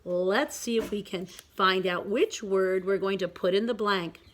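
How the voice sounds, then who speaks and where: A woman teaching a pre-K reading lesson, giving gentle step-by-step instructions and reading each sentence aloud slowly and with exaggeration. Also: medium pitch, slight background noise. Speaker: preschool teacher.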